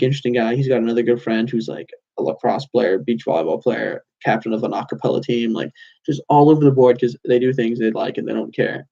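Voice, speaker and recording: Gravelly young man rambling casually. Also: medium pitch, dark tone, muffled recording. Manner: loose and meandering, with many fillers and restarts. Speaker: channel host. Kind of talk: casual rambling monologue to camera.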